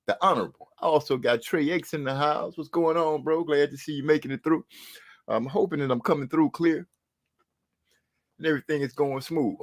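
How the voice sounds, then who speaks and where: A man hosting a boxing talk show, chatting casually and rambling with frequent fillers and restarts. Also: mid-range voice. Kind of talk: casual livestream commentary.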